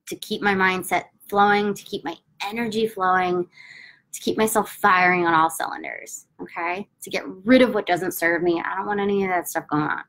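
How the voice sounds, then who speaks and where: A middle-aged woman coaching a tapping session, talking in an upbeat, emphatic way and then slowly chanting affirmations. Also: medium pitch, poor audio. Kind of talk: guided self-help instruction.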